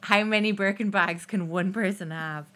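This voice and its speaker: A woman's voice: medium pitch, fairly even intonation, normal speed, pushed and bright. Wry woman, gossipy podcast chat. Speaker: podcast co-host. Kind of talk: casual chat.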